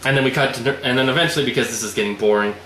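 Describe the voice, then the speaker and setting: A young man talks through a story in a casual, rambling chat, swearing freely and slipping into little acted lines. His voice is bright and forceful. The room around him is roomy and echoey, with a faint hiss underneath. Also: mid-range voice, rapid-fire. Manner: loose, rambling, swears a lot, acts out lines.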